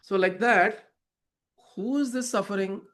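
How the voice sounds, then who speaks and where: A man's voice: high-pitched, measured pace, a bit bright. A man explaining a scripture verse as a spiritual teacher, reflective, asking rhetorical questions and telling parables.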